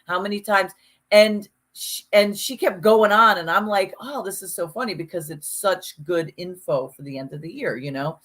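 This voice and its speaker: Animated lower-voiced woman chatting. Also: normal speed. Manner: animated, emphatic, swears freely. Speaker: podcast co-host. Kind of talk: casual chat.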